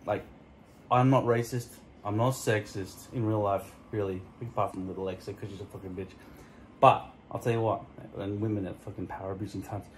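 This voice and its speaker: Male vlogger, low-ish voice, crude tangent-hopping solo rant into a phone camera at home, faint noise behind. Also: fairly even intonation, fairly quick, low-quality recording. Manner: profane, tangent-hopping, mock-offensive. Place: indoors at home, in front of a mirror. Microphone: phone camera stuck to a mirror.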